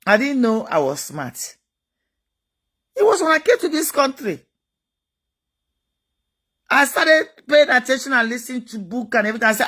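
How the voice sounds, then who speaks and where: A woman's voice: sits high, big pitch swings, normal speed, long pauses, a bit bright. A woman giving a motivational talk, emphatic and repetitive, full of rhetorical questions. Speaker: motivational speaker.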